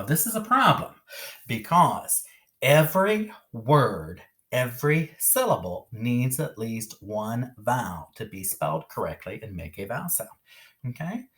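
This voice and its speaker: In a video phonics lesson, a male teacher speaks in a bouncy, sing-song way, repeatedly checking in with "okay?". His voice is on the low side.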